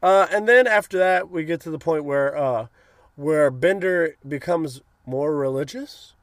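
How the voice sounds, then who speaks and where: A young man in casual chat, excitedly retelling cartoon scenes and acting out lines in goofy voices. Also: a little high, a little slow, no echo, studio quality. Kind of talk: casual episode recap chat.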